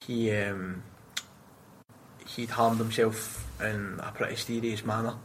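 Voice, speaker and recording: Scottish man telling animated, sweary stories. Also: lowish voice, slow, a little hiss or hum, poor audio. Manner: swears freely, animated storytelling. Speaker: prison officer. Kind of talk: casual interview chat.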